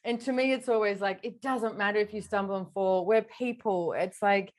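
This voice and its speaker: A woman's voice: mid-range voice, steady tone. Encouraging woman hosting a podcast. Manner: affirming, lots of quick agreement, rhetorical questions. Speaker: podcast host. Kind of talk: casual interview chat.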